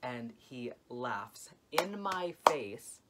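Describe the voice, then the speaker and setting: A young man vlogging a dramatic storytime, expressive and full of "like" fillers. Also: medium pitch, extremely slow, heavy background noise. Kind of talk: storytime vlog.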